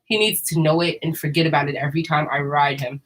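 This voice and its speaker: A woman chats straight to her viewers, slangy and candid. Her voice sits a little low for a woman, and she laughs often as she talks. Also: fairly even intonation, fast talker, low-quality recording. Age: 30s. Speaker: vlogger. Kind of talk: casual monologue to camera.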